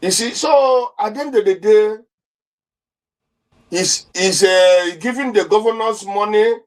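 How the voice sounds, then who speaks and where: A man's voice: high-pitched, unhurried, low-quality recording. A man from Nigeria with a Nigerian accent, an interview guest giving impassioned political commentary, heated and repetitive, with many restarts and rhetorical questions.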